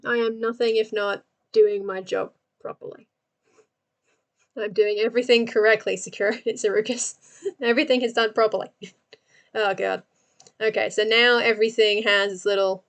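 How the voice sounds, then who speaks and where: A woman's voice: fairly high pitch, moderate pace. A young Australian woman hosting a livestream, chatting casually and laughing often while she works and answers her viewers. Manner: giggly, chatty, talks to chat while working. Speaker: livestream host.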